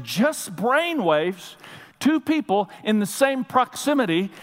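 A middle-aged male pastor preaching, telling stories animatedly and building up to shouts. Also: high-pitched. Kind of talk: sermon. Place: church sanctuary. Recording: long reverb of a large hall.

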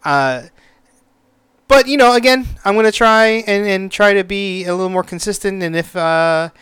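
A man's voice: high-pitched, moderate pace, a bit bright, smooth, no room sound. A young man hosting his own podcast, talking loosely with lots of fillers, restarts and the odd swear word. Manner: rambling, many fillers and restarts, casual swearing. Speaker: podcast host. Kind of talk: casual solo podcast talk.

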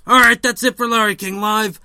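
A man doing an impression of an older male call-in radio host, slow and drawling, handing out random advice. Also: high-pitched, fairly even intonation, creaky, bright, forceful tone, clear, resonant tone, dry recording, heavily acted. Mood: droning. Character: older male talk-show host, rambling. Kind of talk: comedic impression sketch.

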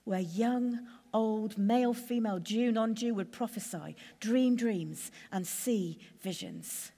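A woman preacher giving a sermon in a measured, conversational way, building lists with steady pauses. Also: mid-range voice, slightly rough, in a large hall.

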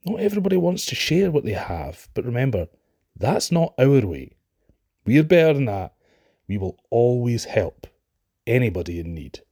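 A man's voice: medium pitch, very animated, moderate pace, mellow, husky, pitched above the performer's own voice. A man voicing a kind poor Scottish mother. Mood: gentle.

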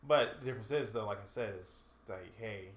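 A man's voice: lowish voice, a little fast, reverberant, a little hiss or hum. A man co-hosting a casual talk podcast, easygoing and slangy. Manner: laid-back, agreeable, slangy. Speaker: podcast co-host. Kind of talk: casual chat.

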